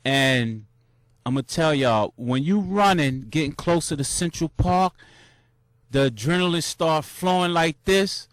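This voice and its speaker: High-voiced New man telling a story. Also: measured pace, no room sound, studio quality. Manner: animated, acts out cheering crowds in high shouts; loose, repetitive slang with many restarts. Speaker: vlogger recounting a marathon. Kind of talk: casual storytelling monologue.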